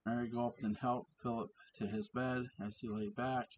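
A man reading his own story aloud at home, halting, with many ums and asides about his cats. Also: mid-range voice, level tone, darkish tone, a little hiss or hum, rough recording.

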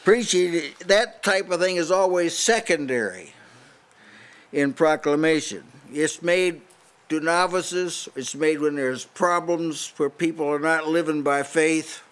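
An older man preaches in a house church meeting, pressing his points hard and challenging his listeners. His voice sits a little high for a man, and he often breaks off and restarts his sentences as he drives home each point. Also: a little slow, a bit bright. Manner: emphatic, challenging, with frequent restarts. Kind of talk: sermon.

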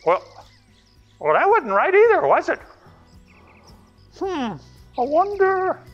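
A man's voice: very high voice, huge pitch swings, takes it slowly, lo-fi sound, soft background music, full character voice. A man playing a bumbling, chatty forest ranger. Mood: goofy. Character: goofy rambling male forest ranger. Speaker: children's ministry character. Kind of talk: children's video skit.

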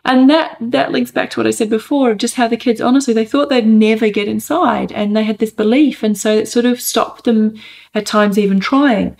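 A woman and mother giving an earnest, thoughtful update on family life, pausing often as she gathers her thoughts. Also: a little high, fairly even intonation, vocal fry, a little mellow. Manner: earnest, thoughtful, hesitant with many pauses. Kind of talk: reflective personal update.

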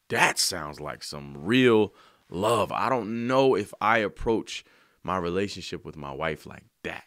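Man, low voice, animated pitch, earnest, slangy, dry close recording. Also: a little slow, no room sound. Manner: earnest, emotional, slangy, sings lines softly. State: choked up. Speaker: songwriter. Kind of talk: heartfelt spoken testimony.

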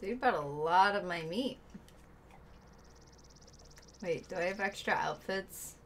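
Woman streaming a game, talks slow, mumbles to herself, bossing her dog around. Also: lowish voice. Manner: chatty, muttering asides, scolding a pet. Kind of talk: casual gameplay chat.

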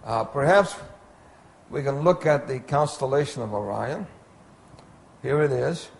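Man, Bible lecture, slow, gravelly, deliberate, pointing at slides. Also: medium pitch, expressive, a little hiss or hum. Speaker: Bible teacher.

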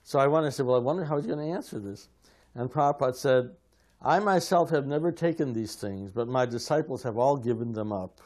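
A man's voice: mid-range voice, brisk. A man sharing memories as a devotee, telling anecdotes and acting out the voices he quotes. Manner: animated, acts out quoted voices. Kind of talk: anecdotal storytelling.

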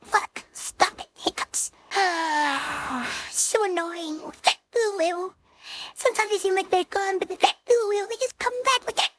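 A woman voicing a tall young wolf girl who keeps hiccupping, speaking in a squeaky, flustered, halting way in an audio role-play. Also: very noisy. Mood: frustrated whiny. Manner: flustered, pleading, halting speech. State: hiccupping constantly.

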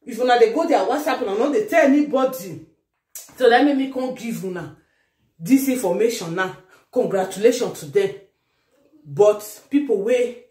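A woman with a Nigerian accent giving casual commentary to her followers as a vlogger. She is animated and teasing, swinging between loud exclamations and low asides. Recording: echoey room.

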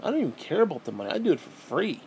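A man's voice: fairly high pitch, very animated, very fast, a little mellow, a little hiss or hum. A man venting in a bitter, profane, rambling monologue to camera as a vlogger, often restarting his sentences.

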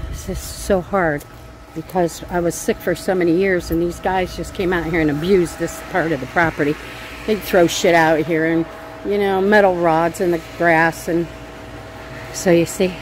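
A woman's voice: lowish voice, a little hiss or hum. A middle-aged woman vlogging from her backyard garden on a handheld phone, talking bluntly and swearing while she vents. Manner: blunt and profane, venting angrily. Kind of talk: casual gardening vlog. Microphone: handheld phone camera.

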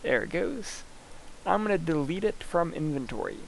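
A man with a slightly high, gravelly voice talks through a screen-recorded software lab in a casual, thinking-aloud way as he clicks through each step. A faint hiss sits under the recording. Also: expressive, normal speed, poor audio. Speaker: instructor.

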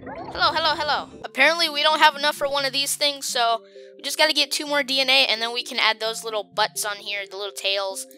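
A woman giving chatty, excitable commentary while playing a video game, often talking to the creatures on screen. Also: high-pitched, fast, soft background music. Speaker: gamer. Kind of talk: let's play gameplay commentary.

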